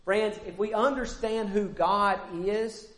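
A man preaching a sermon, emphatic and repetitive, with pauses and self-corrections. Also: high-pitched, fairly even intonation, fairly bright tone.

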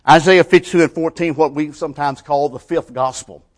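A man delivers a sermon in plain, colloquial grammar, his voice fairly high and a little fast. He swings between loud, emphatic passages and hushed lines that are nearly whispered.

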